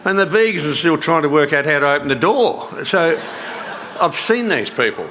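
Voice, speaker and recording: Older Australian male speaker, dry mocking tone, slightly high voice, faint room hiss. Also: animated, moderate pace, fairly bright tone. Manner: sardonic, mocking asides. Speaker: conference speaker. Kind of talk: conference speech.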